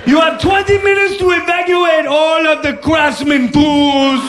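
A man putting on the voice of a boastful male dictator, shouting grand threats down a phone as a prank. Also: very high-pitched, fairly even intonation, echoey room, crowd noise, background noise, pitched above the performer's own voice. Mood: bombastic. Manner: shouting, theatrical, drawn-out declarations.

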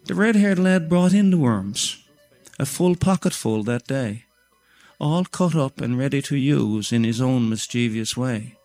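An older man, a storyteller reciting a rhyming tale in a steady rhythm. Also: medium pitch, unhurried, faint music behind.

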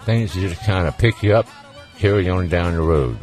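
A man's voice: low voice, animated, moderate pace, music in the background. A man with a Southern US accent hosting a call-in radio show, talking in a folksy, rambling, jokey way. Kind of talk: casual radio talk.

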